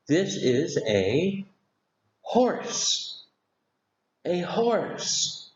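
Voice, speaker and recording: A man teaching young children about animals with slow, exaggerated questions. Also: lowish voice, a little mellow, reverberant, highs cut off. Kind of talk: children's lesson.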